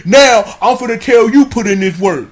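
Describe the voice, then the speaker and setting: A man's voice: very high-pitched, lively intonation, moderate pace. A man doing Garu, a slangy tough wolf. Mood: scolding. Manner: slangy pep-talk, bossy and blunt. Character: tough streetwise male wolf warrior.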